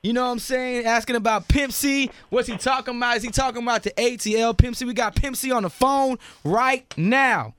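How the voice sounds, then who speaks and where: High, smooth radio host. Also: male voice, fairly quick, hardly any pauses, a bit bright, no echo, soft background music. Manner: casual, pressing, calls guest "homeboy". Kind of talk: call-in radio interview. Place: radio studio. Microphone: studio mic.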